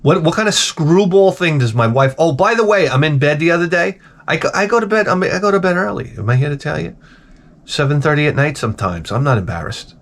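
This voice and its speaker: A man's voice: a little high, animated, fast. A man telling comic stories to camera in a rambling, exasperated, profane rant full of restarts. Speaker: vlogger. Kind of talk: comedic storytelling rant.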